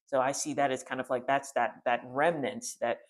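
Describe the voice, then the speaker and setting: A man's voice: medium pitch, steady tone, moderate pace. A man giving a casual, rambling spiritual talk, full of restarts and fillers, retelling a scripture story. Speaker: spiritual teacher.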